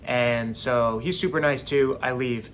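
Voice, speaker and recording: A young man casually telling a story straight to camera, animated and acting out what others said. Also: medium pitch, a little slow, a little hiss or hum. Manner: animated, acts out quoted voices.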